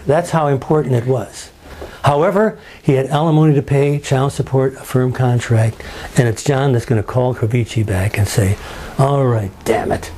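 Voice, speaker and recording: A man's voice: medium pitch, mellow, slight background noise. A man guiding visitors through a story with emphatic, dramatic telling, acting out the people he quotes and asking rhetorical questions. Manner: dramatic, acts out quotes in changing voices. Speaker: museum guide. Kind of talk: storytelling talk.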